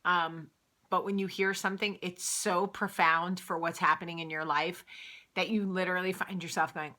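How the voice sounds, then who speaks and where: A woman's voice: lowish voice, little pitch movement, moderate pace, sharp tone. A woman in her late thirties hosting a vlog, chatting candidly with lots of fillers. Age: late 30s. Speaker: vlog host. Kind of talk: casual chat.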